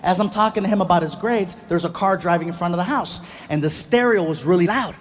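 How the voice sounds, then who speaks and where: A man doing animated stand-up storytelling on a live stage, throwing in sound effects. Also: sits high, fast talker. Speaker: stand-up comedian.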